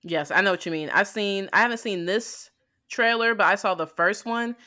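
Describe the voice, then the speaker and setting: A woman co-hosting a podcast, talking casually about anime in an animated, rambling way. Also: medium pitch, normal speed. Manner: chatty, animated, rambling with fillers like "like". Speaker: podcast co-host.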